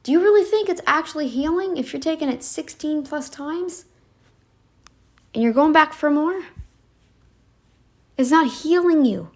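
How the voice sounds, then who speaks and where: Woman ranting to her viewers, kinda high voice, sarcastic, lots of "do you really think" questions. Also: animated, measured pace, long pauses. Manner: emphatic, ranting with rhetorical questions; sarcastic, addresses listeners directly. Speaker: reaction channel host. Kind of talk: casual commentary.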